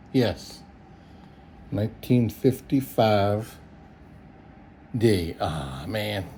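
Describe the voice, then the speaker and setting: Middle-aged man, folksy solo talker, chuckly, low and slow, faint background hiss. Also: warm tone. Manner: chuckling, easygoing, folksy, thinks aloud. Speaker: coin roll hunter. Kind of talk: casual solo video commentary.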